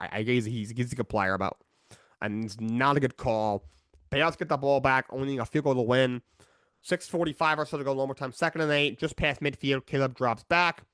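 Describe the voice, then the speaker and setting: A man's voice: medium pitch, fairly even intonation, fairly quick, a bit bright, clear, resonant tone, no echo. Opinionated man recapping a football game. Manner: opinionated, frustrated rants. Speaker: sports podcast host. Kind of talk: casual game recap commentary.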